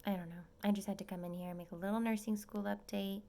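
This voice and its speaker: A young woman vlogging from her small apartment as a nursing student, chatting and gushing and often dropping into a soft whisper. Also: mid-range voice, fairly even intonation, quick pace, gravelly. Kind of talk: casual vlog update.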